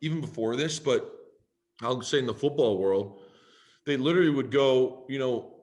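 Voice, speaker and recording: A man, a podcast guest telling long, animated stories in casual, swear-laden chat. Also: medium pitch, normal speed. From Canada. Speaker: guest, football player. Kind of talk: casual storytelling in a podcast interview.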